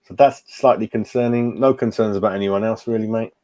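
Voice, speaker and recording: A man's voice: lowish voice, steady tone, a little fast, a little mellow. A man, hosting a casual live stream as a football fan, chatting and reading out viewers' comments. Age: 40s. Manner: chatty, reads chat aloud, calls everyone mate. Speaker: fan channel host.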